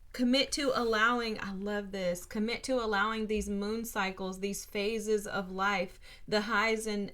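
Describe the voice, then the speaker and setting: A woman's voice: mid-range voice, a bit bright. A woman giving a casual spiritual tarot reading, talking straight to her viewers in an earnest, encouraging way. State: briefly emotional. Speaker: tarot reader.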